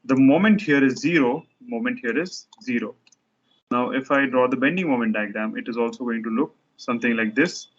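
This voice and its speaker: A man's voice: mid-range voice, brisk. Man lecturing on structures, muffled audio. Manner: explains step by step while drawing, with frequent restarts.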